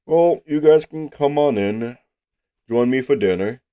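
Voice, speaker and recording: A congested man voicing a gruff, surly male hermit who lives in a hollow tree, with a mocking, menacing manner. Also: medium pitch, measured pace, dark tone, highs cut off, voice pushed up, natural voice.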